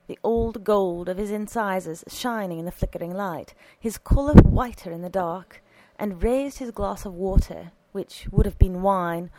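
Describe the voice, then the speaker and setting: A woman narrating an audiobook story in an expressive, animated reading on a close microphone. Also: mid-range voice, dry recording, low-quality recording.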